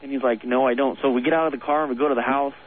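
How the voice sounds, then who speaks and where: A man's voice: mid-range voice, fairly even intonation, very fast. A man calling in to a radio show, telling a long ghost story in an earnest, rambling way with nervous laughs. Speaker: caller. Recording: tinny phone line on radio.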